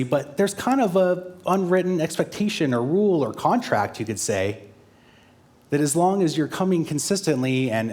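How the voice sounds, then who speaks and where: A man's voice: medium pitch, darkish tone. A man preaching a sermon as a guest pastor, in a conversational way with frequent fillers and self-corrections.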